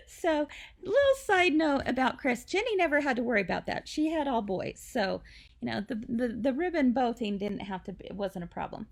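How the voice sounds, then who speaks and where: A woman's voice: fairly high pitch, expressive, normal speed, creaky. A woman hosting a live craft tutorial for a quilt shop from home, chatty and confiding with lots of asides.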